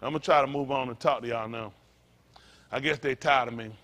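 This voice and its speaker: A man's voice: medium pitch, fairly quick, a bit bright. A male pastor preaching a fiery, blunt sermon, full of profanity and call-and-response asides.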